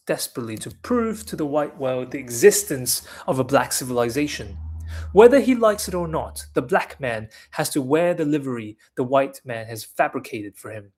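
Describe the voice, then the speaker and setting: A man reads a serious nonfiction text aloud at a measured pace. His voice sits at an everyday middle pitch. He leans on key phrases and sometimes stumbles and restarts a word. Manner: measured, deliberate reading with small restarts. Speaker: reader of a book. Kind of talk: reading a nonfiction book aloud.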